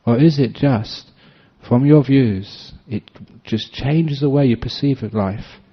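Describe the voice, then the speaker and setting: Man, Buddhist monk, dharma talk, laughing storyteller, mid pitch, muffled lo-fi sound. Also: takes it slowly, husky. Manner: anecdotal storytelling, often laughing. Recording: dull lo-fi recording.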